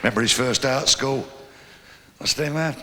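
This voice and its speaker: An older man with a London accent doing a brash, swearing stand-up routine, telling jokes in an animated way. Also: mid-range voice, normal speed, noisy background. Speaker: stand-up comedian. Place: live venue with audience. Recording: live hall recording with audience.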